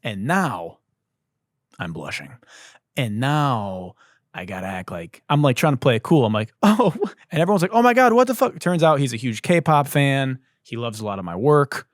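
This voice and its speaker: A man's voice: mid-range voice, animated, measured pace, dry recording, clean studio sound. Joking, profane man hosting a podcast. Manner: loose, profane, joking storytelling. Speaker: podcast host. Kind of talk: casual comedic monologue.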